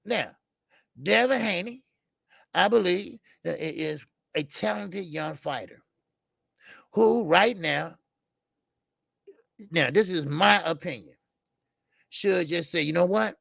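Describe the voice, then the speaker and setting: A man's voice: sits high, takes it slowly, gravelly, long pauses, fairly bright tone, no echo, clean studio sound. An older man hosting a boxing show, talking bluntly and profanely in a rambling casual commentary with stammered fillers. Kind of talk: casual live-stream commentary.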